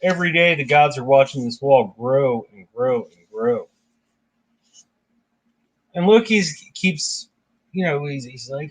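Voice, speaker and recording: A man's voice: medium pitch, animated, measured pace, long pauses, rough recording. A man hosting a casual book discussion, reading passages aloud and commenting in a conversational way. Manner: conversational, reads passages aloud, chatty asides.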